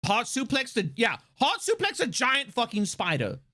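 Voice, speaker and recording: A streamer chatting live, full of fillers, restarts and quick laughs. The pitch swings a lot, so the talk stays lively and animated. The voice sits at a middle pitch for its kind. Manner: excitable, laughs often. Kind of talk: casual livestream chat.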